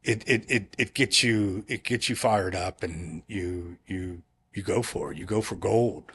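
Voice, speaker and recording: A man's voice: low voice, a bit bright, a little hiss or hum. A man, a company founder telling stories as a podcast guest, rambling and restarting often and acting out quoted conversations. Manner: rambling, halting, with many restarts and quoted dialogue. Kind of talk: casual storytelling interview.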